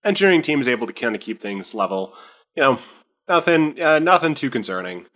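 A man's voice: mid-range voice, big pitch swings, brisk, fairly bright tone. A man running a tabletop game as game master, narrating loosely with lots of fillers and restarts. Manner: loose, filler-heavy, restarts mid-sentence.

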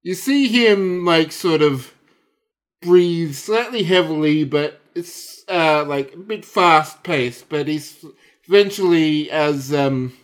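A man playing a tabletop role-playing game, describing his character with hesitant fillers. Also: a little high. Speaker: player. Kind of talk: tabletop role-play chat.

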